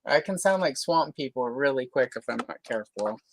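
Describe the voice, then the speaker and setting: A woman's voice: a bass voice, animated, a little fast, dry recording, poor audio. Woman from Louisiana, casual livestream host, chatty with fillers, dry close sound. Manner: chatty, many fillers, careful neutral speech.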